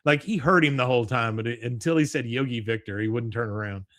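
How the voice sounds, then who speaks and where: A man's voice: mid-range voice, fast talker, no room sound. Man, podcast host, casual recap, quotes characters, laughs often, dry recording. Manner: animated retelling, quoting characters with laughs. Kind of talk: casual recap of a cartoon episode.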